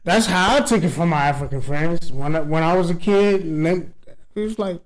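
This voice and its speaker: A man guests on a podcast in a loose, drunken chat. His voice sits a bit high. He talks in slang and swears freely. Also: moderate pace, poor audio. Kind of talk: casual chat.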